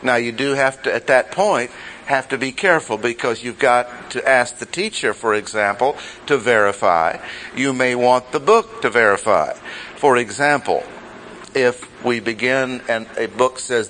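A man teaching a Bible study class, speaking deliberately and repeating key phrases for emphasis. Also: medium pitch, a bit bright, slight background noise, low-quality recording.

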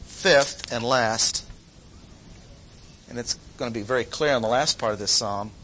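A man preaching a sermon, emphatic, repeating key phrases slowly with sudden jumps in pitch. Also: bright, forceful tone, a little hiss or hum, rough recording.

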